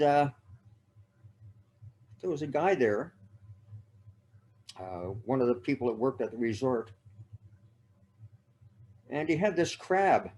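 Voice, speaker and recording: A man's voice: on the high side, darkish tone. A man speaking as a guest speaker, telling personal stories in a chatty, anecdotal way and often checking in with his listeners. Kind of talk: personal storytelling talk.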